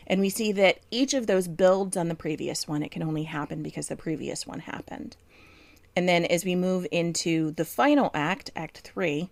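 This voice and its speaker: A woman's voice: deep voice, vocal fry, no room sound. A woman co-hosting a chat show, explaining writing craft in a thoughtful way with frequent ums. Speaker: podcast co-host, book editor.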